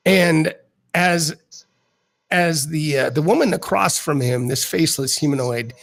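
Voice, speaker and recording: A man narrating as dungeon master of a tabletop game in a rambling, halting way. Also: on the high side, creaky, breathy edge, poor audio.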